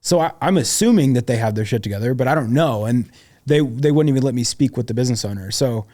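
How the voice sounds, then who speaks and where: A man's voice: medium pitch, expressive, fast talker, warm tone. Young guy on a podcast, chill and slangy, says dude a lot, swears loads. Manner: slangy and profane, full of "dude" and "like". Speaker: guest sales expert. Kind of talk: casual podcast storytelling.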